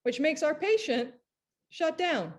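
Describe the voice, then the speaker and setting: A woman presenting in a webinar, chatty and animated, telling stories to make her points. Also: high-pitched, slow. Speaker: performance director giving a talk.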